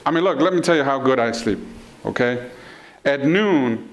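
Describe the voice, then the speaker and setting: Speaking at medium pitch and a moderate pace, the middle-aged man sounds expressive as he preaches. He keeps his congregation hall sermon playful and conversational, voicing the characters in his anecdotes.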